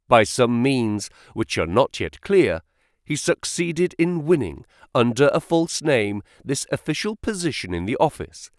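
Man narrating an audiobook, lively pitch. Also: no room sound, clean studio sound. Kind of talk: scripted narration.

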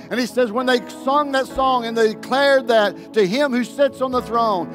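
High-voiced man preaching a sermon. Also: moderate pace, few pauses, over music. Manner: preaching with call-and-response to the congregation; rises to loud, emphatic declarations. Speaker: pastor. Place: church sanctuary.

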